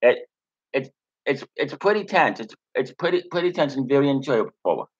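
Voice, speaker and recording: A man's voice: medium pitch, animated, moderate pace, breathy edge. Young male reviewer, casual rambling recap, lots of ums, muffled lo-fi mic. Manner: rambling, many fillers and restarts. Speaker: wrestling reviewer.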